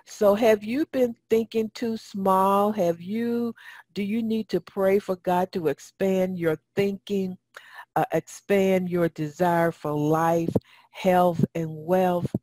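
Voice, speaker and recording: Speaking slowly in a mellow, mid-range voice with a steady tone, this woman hosts a radio talk show. She teaches on prayer, talking straight to her audience and repeating phrases to stress them, on a dry recording.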